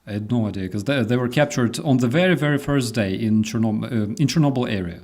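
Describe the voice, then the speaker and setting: Man with a Ukrainian accent, halting. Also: medium pitch. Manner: halting, full of fillers and restarts, relaxed. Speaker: host. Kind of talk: casual chat, storytelling.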